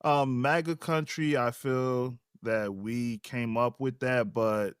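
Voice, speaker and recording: A man from Chicago, a guest in a conversational interview, speaking slowly and casually. His voice is at a middle pitch. It sounds dry and close to the mic. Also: steady tone, clean tone, no room sound. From Chicago, USA.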